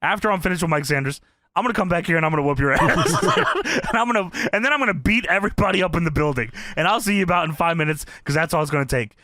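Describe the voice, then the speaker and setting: A man's voice: fairly high pitch, expressive, very fast, pushed and bright, dry recording, clean studio sound. A man doing a brash, cocky male wrestler who swears and threatens opponents during a promo. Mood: cocky threatening.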